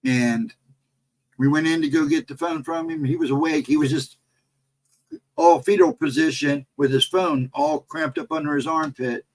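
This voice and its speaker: A middle-aged American man hosting a casual livestream, telling a story in a rambling, animated way and reading out chat messages. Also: fairly high pitch, moderate pace, poor audio. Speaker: livestream host.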